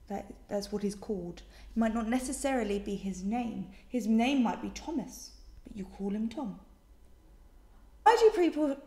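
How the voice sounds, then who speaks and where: A young woman with a British accent talks straight to camera in a casual vlog. She is sassy and teasing, with a slightly high voice. Her room gives a noticeable echo. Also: dark tone. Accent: British English. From Britain. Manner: sassy, defensive, jokey. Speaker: vlogger. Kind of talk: casual vlog answering questions. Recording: echoey room.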